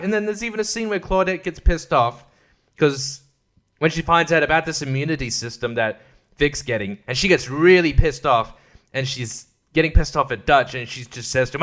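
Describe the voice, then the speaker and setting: A man's voice: fairly high pitch, a little fast, a bit bright. A man hosting a podcast, ranting casually and exasperatedly about a TV finale, swearing and mimicking the characters. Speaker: podcast host.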